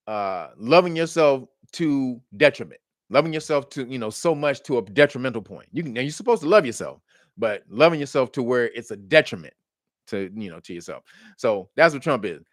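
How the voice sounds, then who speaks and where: A man, commenting in casual talk, animated, acting out the quotes and laughing often. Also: normal speed, no echo, clean studio sound. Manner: animated storytelling, acts out quotes in high mocking voices, laughs often. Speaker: commentary host.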